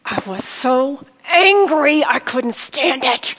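A middle-aged woman with a slightly high voice tells a heartfelt personal story to an audience. She speaks earnestly and turns to her listeners often. Her voice rings with long reverb, as if in a large hall. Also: expressive, takes it slowly, hardly any pauses, a bit bright. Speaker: speaker sharing a personal testimony. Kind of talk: emotional personal testimony to an audience.

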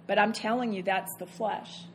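A woman's voice: medium pitch, steady tone, moderate pace, a little hiss or hum. A woman, giving a conversational sermon as a Bible teacher, earnest and acting out her own inner voice.

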